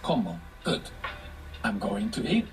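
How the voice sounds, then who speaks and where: A man's voice: lowish voice, big pitch swings, measured pace, music in the background, low-quality recording. A man teaching a language lesson, patiently explaining step by step and prompting his student with questions.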